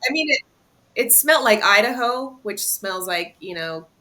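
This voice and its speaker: A woman from a hard rock band, a guest on a radio interview, talking in a relaxed, halting way. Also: mid-range voice, a crowd in the background. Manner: relaxed, halting, full of fillers. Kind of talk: casual interview chat.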